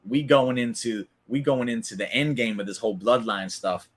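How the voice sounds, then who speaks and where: A man with a voice of ordinary pitch, hosting a live recap stream in a loose, conversational way. He argues his opinions with confidence and keeps breaking off to answer viewers in the chat by name. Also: moderate pace. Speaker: wrestling recap host. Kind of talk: casual live-stream commentary.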